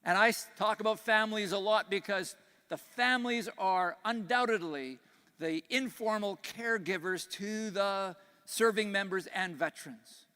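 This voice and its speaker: A man's voice: high voice, moderate pace, clean tone. An older Canadian man with a slight Texas twang, giving an earnest, folksy keynote speech at a conference. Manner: earnest, folksy, grows quiet on grave points. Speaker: conference speaker. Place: large conference hall. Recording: echoey hall.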